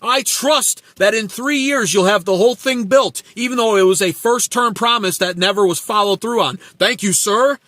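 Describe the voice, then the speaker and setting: A man's voice: sits high, moderate pace, hardly any pauses, sharp tone, dry recording. A man putting on a simpering yes-man. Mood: fawning. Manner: servile, repeats "sir". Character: fawning adult male yes-man supporter.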